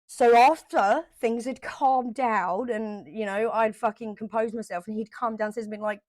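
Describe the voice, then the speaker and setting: A woman vlogger telling a personal story straight to camera, emotional and animated, repeating herself for emphasis and swearing now and then. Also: on the high side, moderate pace, hardly any pauses, dry recording.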